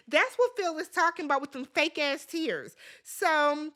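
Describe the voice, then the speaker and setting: A woman with a high, bright voice recapping a reality show in a casual vlog. She talks animatedly and emphatically, gossiping and cursing freely as she tells the story. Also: lively intonation, measured pace.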